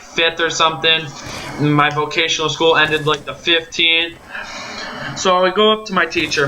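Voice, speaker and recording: A man's voice: on the high side, sharp tone, reverberant, slight background noise, rough recording. A young man casually telling a long, heated story about a teacher, rambling and often restarting his sentences. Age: young adult.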